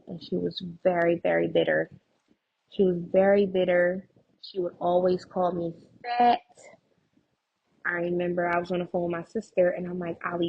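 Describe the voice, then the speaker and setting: A young woman telling her personal story as a guest in an interview, lively and expressive, often quoting other people. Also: lowish voice, husky, muffled recording. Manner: animated retelling with quoted voices and laughs.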